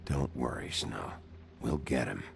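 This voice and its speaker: An actor playing a gruff, weary male sheriff investigator in a video game, over game music. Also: a little slow, exaggerated voice. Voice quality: very deep, gravelly. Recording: game audio with music behind.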